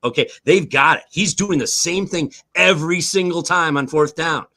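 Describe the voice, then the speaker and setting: A man's voice: a little high, normal speed, sharp tone. A man on a sports talk show, a former player, arguing emphatically, repeating key words and swearing for emphasis.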